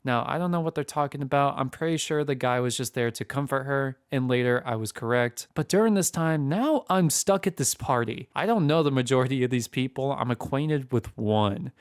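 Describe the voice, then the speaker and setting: A man's voice: mid-range voice, fairly quick, hardly any pauses, clear, resonant tone, dry recording, clean studio sound. A young man telling a casual storytime tale, chatty, acting out what people said. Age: young adult.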